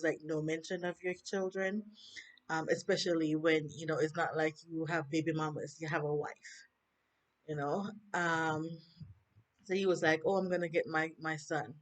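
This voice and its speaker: Woman, Jamaican accent, casual TV review vlog, animated, rhetorical questions, handheld phone. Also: fairly low pitch. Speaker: TV review vlogger. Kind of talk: casual chat.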